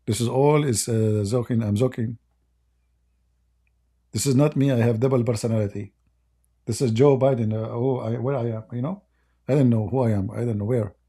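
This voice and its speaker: A man's voice: medium pitch, fairly even intonation, normal speed, pauses often, warm tone, breathy edge. A man whose first language is Arabic, speaking in a rambling, joking and mocking way with broken English. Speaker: online commentator. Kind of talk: casual joking monologue.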